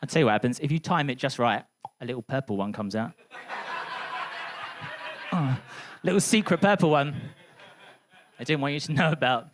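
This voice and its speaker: A woman comedian doing a punchy, animated stand-up set on a club stage. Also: a bass voice, moderate pace, long pauses. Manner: animated, punchy, laughing through lines.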